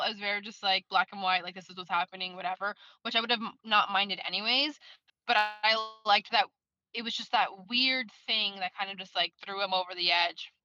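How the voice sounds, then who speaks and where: A woman's voice: mid-range voice, dry recording, dull audio. A woman in casual book club chat, rambling and swearing freely while she drives. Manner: rambling, swears a lot, lively.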